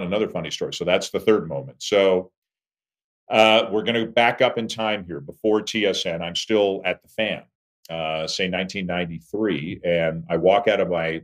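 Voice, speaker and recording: A man in his fifties, a sportscaster, telling stories about his career as an animated interview guest. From Toronto, Canada. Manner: animated storyteller, lively swings in pitch and volume. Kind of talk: conversational interview storytelling.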